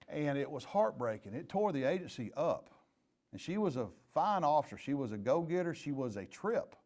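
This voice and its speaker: A man's voice: fairly high pitch, a little mellow. A middle-aged man, a retired police chief giving a leadership training talk in an earnest, candid storytelling manner with plain folksy phrasing.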